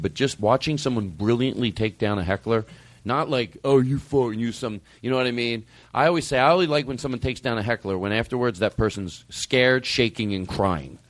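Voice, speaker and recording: A middle-aged man hosts a loose comedy conversation with an animated, storytelling delivery. He swears freely and jumps into little acted-out quotes as he talks. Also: mid-range voice, dry recording. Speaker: podcast host. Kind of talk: casual comedic chat.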